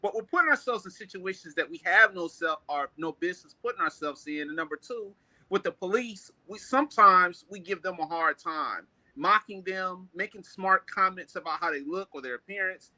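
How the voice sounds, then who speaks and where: A blunt man in shares strong opinions with a high, very bright voice. The sound is dry and close, with no room around it. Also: moderate pace, no echo, rough recording. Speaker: co-host. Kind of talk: candid discussion.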